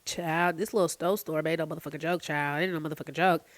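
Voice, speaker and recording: A woman's voice: low-pitched, quick pace, dry recording. Profane woman ranting late-night chat. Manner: profane, animated ranting with sudden loud outbursts. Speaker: vlogger.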